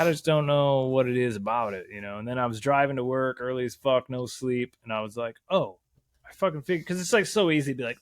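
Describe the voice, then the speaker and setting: A man's voice: mid-range voice, dry recording, clean studio sound. A man talking as a podcast guest in a casual chat, rambling and swearing a lot, often slipping into voices to act out quotes. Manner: rambling and heavily profane; acts out quotes in a voice.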